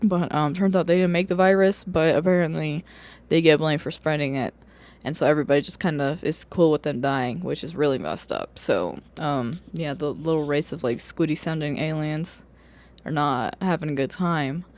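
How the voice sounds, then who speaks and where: A book vlogger chats casually about a review, speaking at a moderate pace in a slightly mellow, mid-range voice. The talk is loose, packed with fillers, swearing and bursts of laughter, recorded on a camera or phone sitting on a wobbly stand.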